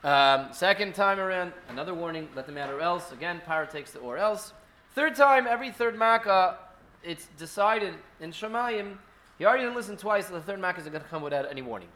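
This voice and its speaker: Bright-voiced man teaching a casual Torah class. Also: high-pitched, animated. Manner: conversational, halting with fillers and restarts.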